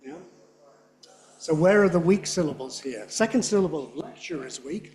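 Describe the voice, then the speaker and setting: A man delivers a lecture at a conference, speaking with a fairly high pitch. He keeps asking the audience "yeah?" to check that they follow. To show a speech pattern, he chants syllables on a steady beat. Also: moderate pace, a crowd in the background. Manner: frequent "yeah?" checks, demonstrates rhythms by tapping and chanting syllables. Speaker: lecturer on English pronunciation. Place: lecture hall.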